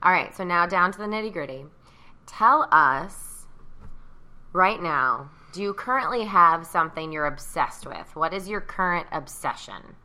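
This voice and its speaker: Bright, upbeat woman podcast host. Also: lowish voice, expressive, unhurried. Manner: upbeat, teasing. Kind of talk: casual chat.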